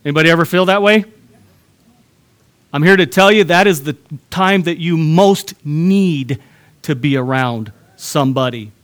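A man's voice: on the high side, unhurried, long pauses, fairly bright tone. A middle-aged man preaching a sermon, telling a story with humor and talking straight to his congregation. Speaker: pastor.

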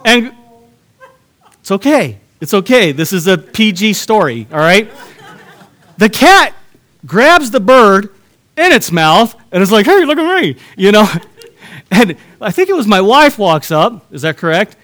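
A man's voice: sits high, very animated, unhurried, pauses often, a bit bright. A middle-aged man preaching a sermon, telling a story with humor and talking straight to his congregation. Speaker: pastor.

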